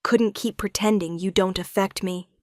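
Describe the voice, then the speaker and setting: A woman's voice: mid-range voice, fairly even intonation, normal speed, a little mellow, dry recording, clean studio sound, close to an everyday voice. A woman voicing a pleading werewolf king. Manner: earnest, pleading. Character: remorseful young male werewolf king, pleading.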